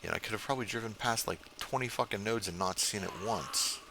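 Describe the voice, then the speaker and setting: A man's voice: lowish voice, fast talker, noisy background. An older man giving casual, profane, grumbling commentary while he plays a survival game. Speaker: game streamer.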